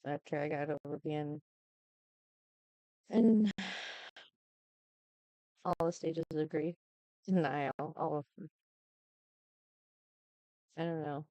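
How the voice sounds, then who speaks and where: Tearful woman with a creaky, dark voice. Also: fairly low pitch, no room sound, low-quality recording. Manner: halting and subdued, with many ums. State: tearful, close to crying. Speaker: YouTuber giving an update. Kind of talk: casual talk to camera.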